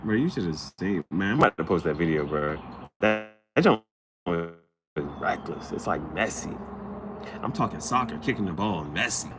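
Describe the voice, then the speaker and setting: A man's voice: deep voice, normal speed, noisy background. A man vlogging in a casual, slangy storytelling chat, acting out the people he talks about. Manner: animated, slangy, acts out quoted people.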